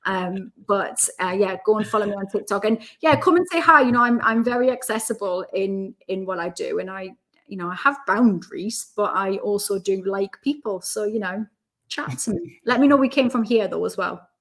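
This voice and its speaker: A woman's voice: medium pitch, a bit bright. A woman in her thirties from the North East of England with a Geordie accent, chatting as a guest in a frank, joking way and laughing often. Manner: frank, jokey, quick to laugh. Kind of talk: casual chat.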